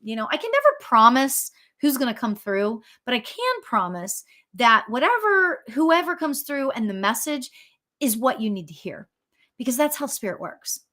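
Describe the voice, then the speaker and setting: Bubbly chatty woman medium, bright voice. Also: a little high, normal speed. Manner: chatty, excitable, full of fillers and restarts. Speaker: psychic medium. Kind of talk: live spirit reading for viewers.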